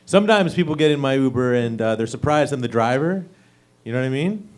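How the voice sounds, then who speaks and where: A man's voice: medium pitch, lively intonation, fast. A young man performing a stand-up set at an open mic, with an awkward, self-deprecating delivery full of fillers. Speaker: stand-up comedian. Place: comedy club stage.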